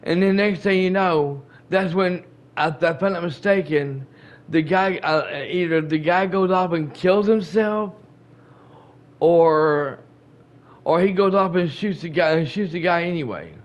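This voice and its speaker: Man, gaming channel host, higher-pitched voice, rambling casual recap, repetitive, talks to viewers. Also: measured pace. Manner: rambling and repetitive, retelling scenes with quoted dialogue; colloquial and chatty, addressing viewers directly.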